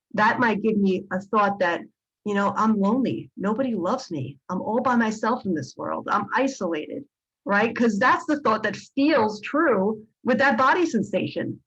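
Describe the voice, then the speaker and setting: Patient woman psychologist, slightly husky. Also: medium pitch, expressive, normal speed, fairly bright tone, highs cut off. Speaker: psychologist teaching a video course. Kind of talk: lecture to camera.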